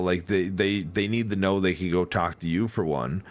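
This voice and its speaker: Deep-voiced man telling rambling stories. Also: normal speed, few pauses, no echo. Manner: rambling, animated storytelling with frequent fillers. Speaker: podcast host. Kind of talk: casual chat.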